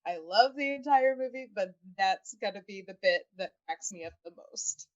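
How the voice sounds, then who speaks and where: A woman's voice: mid-range voice, expressive, normal speed, muffled recording. A woman co-hosting a podcast, chatting casually and laughing often, with plenty of fillers. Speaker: podcast co-host.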